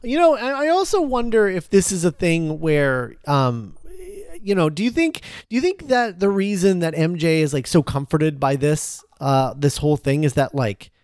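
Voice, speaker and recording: A man's voice: on the high side, sing-song, moderate pace, a little mellow, clear, resonant tone, dry recording, clean studio sound. A man talking casually through a film scene, rambling with many fillers and restarts. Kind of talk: casual movie commentary chat.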